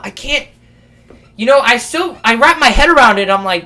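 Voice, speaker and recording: A man's voice: high-pitched, huge pitch swings, moderate pace, bright, forceful tone. A young man in his late teens rambling through a casual podcast rant, swearing and restarting his sentences often. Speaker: vlogger.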